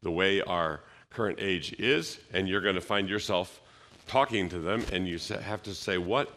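A man with a very low voice that still has a bright, forceful edge. He speaks at a conference in a loose, conversational way, full of fillers and restarts, and he acts out short bits of dialogue. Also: moderate pace, a little hiss or hum. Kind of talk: conference talk on apologetics.

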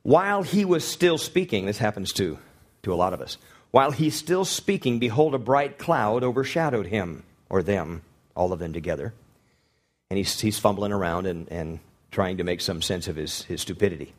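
A middle-aged man delivers a sermon in a lively, conversational way, with a voice that rises and falls across a wide range. He peppers his preaching with rhetorical questions and light humor. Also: on the low side, normal speed. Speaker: guest preacher, missionary.

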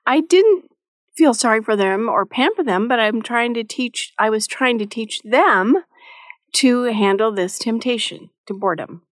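A woman's voice: on the high side, lively intonation, unhurried, no echo, studio quality. A middle-aged woman giving a devotional teaching talk in a motherly, practical way, with light touches of humor. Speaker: Christian devotional speaker.

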